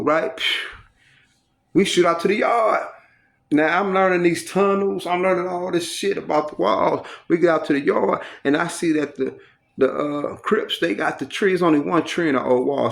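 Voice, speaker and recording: Gravelly man telling street stories. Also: fairly high pitch. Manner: profane, street slang, animated retelling. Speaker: storyteller recounting prison life. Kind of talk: casual storytelling.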